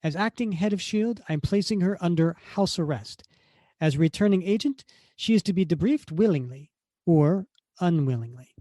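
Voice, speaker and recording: A man's voice: sits high, animated, moderate pace, dark tone, no echo, studio quality, voice pushed up. A man voicing a stern, commanding Italian countess who runs a spy agency, with a put-on Italian accent.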